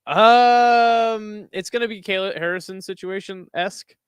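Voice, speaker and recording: His voice sits high and sounds clear and resonant, delivered at a measured pace in a dry recording. The young man commentates on fights during a live stream, chatting casually with his audience, excitedly shouting and whooping at big moments and making chatty asides to chat.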